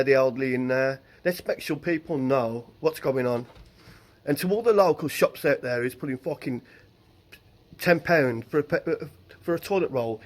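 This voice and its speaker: An angry man ranting and swearing into his phone camera about what his wife saw. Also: fairly high pitch. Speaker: husband venting on camera. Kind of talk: angry home video rant.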